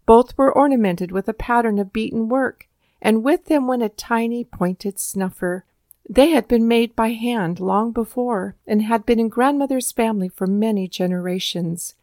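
Woman reading a storybook, creaky voice. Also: medium pitch, a little mellow, dry recording, studio quality. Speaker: narrator.

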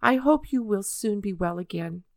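A woman reading a gentle, patient doctor. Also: medium pitch, moderate pace, no echo, studio quality, natural voice. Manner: quiet, gentle, steady. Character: kind, patient grown man doctor.

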